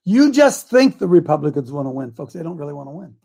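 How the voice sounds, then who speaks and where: A man hosting a political talk show, raspy and gravelly, preaching with fiery conviction and folksy slang. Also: on the high side, sing-song, quick pace, warm tone. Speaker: host.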